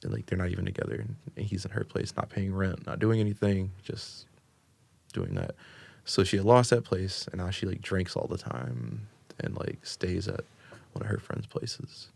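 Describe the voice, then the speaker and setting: Low gravelly husky-voiced man. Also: big pitch swings, moderate pace, darkish tone. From United States. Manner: rambling, filler-heavy with constant "like" and "um". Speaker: podcast guest. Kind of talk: casual storytelling.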